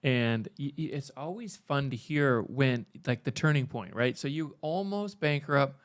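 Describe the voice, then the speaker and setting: A man's voice: mid-range voice, expressive, a little slow. A man hosting a podcast interview, encouraging his guest with follow-up questions. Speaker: podcast host.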